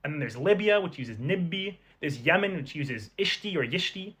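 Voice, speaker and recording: A man playing a patient language personified, raspy-edged. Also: a little high, expressive, normal speed, fairly bright tone. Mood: explaining. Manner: patient, explanatory, a bit lecturing. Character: patient personified language, male teacher type. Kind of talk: comedy sketch video.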